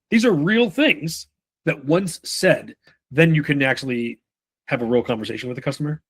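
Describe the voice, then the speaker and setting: A man leading a live sales training session in a casual, profane way, often acting out quick lines from buyers and reps. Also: fairly high pitch, expressive, husky. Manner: casual, swears freely, acts out buyer and rep lines.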